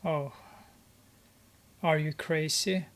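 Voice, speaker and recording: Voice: medium pitch, steady tone, drawn-out words. A gamer giving commentary on gameplay, narrating with many hesitations and amused exclamations.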